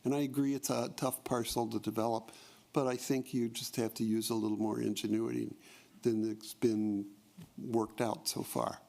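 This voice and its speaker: A man speaks haltingly at a council meeting, restarting his sentences often. His voice is flat in pitch with a gravelly edge. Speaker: resident giving public comment. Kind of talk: public comment at a council meeting.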